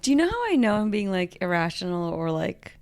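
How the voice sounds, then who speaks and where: A woman co-hosts a relaxed podcast conversation in a gravelly, fry-heavy voice. She talks candidly and pokes fun at herself, with a casual curse here and there. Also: lowish voice, fairly quick. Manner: candid, self-mocking, casual swearing. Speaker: podcast co-host. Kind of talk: casual chat.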